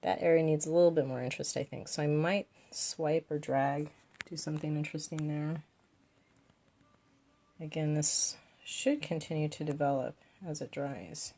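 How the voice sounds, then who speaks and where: A woman's voice: low-pitched, fairly even intonation, moderate pace, dark tone. A woman vlogging as she paints, thinking aloud about her choices and tossing in playful asides. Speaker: craft vlogger. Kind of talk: casual talk while painting.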